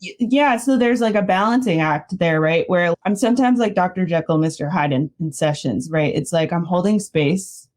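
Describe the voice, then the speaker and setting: A woman counselor talks through an interview in a loose, chatty way. She laughs often and jumps into the voices of the people she quotes. Her voice sits a little low. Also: normal speed, few pauses, a little mellow. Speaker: art therapy counselor, guest. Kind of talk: casual interview chat.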